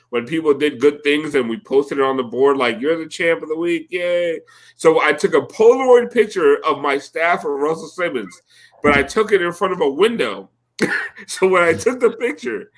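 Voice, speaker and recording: A man telling a profane, animated story in a casual podcast chat, acting out the quotes. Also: on the high side. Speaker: podcast host.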